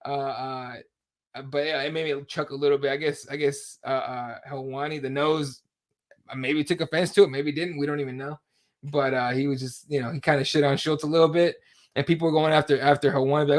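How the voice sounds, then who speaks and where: A man's voice: on the high side, level tone, brisk. Crude, blunt man hosting a podcast. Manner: crude, blunt, reads out viewer comments. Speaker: podcast host. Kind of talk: casual chat.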